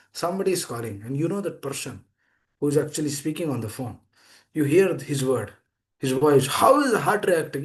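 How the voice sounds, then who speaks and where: A man giving a scripture class, emphatic and repetitive, speaking over a video call. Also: a little high. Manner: repetitive, emphatic, pleading "please understand". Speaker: preacher.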